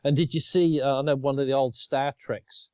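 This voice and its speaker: A man's voice: mid-range voice, fairly even intonation, moderate pace, a little mellow, clean tone, dry recording, lo-fi sound. Australian male co-host, fifties, easygoing and chatty, dry close recording. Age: 50s. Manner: chatty, laughs often. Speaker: podcast co-host. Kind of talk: casual chat.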